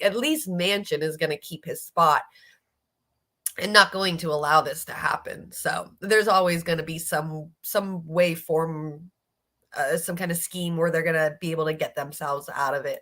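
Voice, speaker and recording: A woman's voice: on the low side, normal speed, pushed and bright. A woman hosting a casual political livestream, talking bluntly and profanely, exasperated as she reads viewer comments aloud. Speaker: streamer host.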